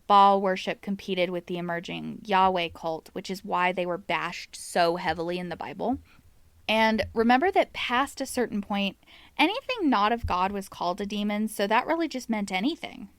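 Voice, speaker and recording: A woman's voice: mid-range voice, no room sound. A woman hosting a paranormal podcast, chatting casually about demon lore with wry asides. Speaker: podcast host.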